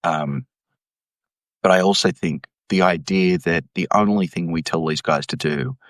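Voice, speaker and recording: A man, an economics professor, explaining policy in an interview with an emphatic, animated delivery. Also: low voice, a little slow, dry recording. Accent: Australian. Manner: animated, emphatic, mimics voices when quoting.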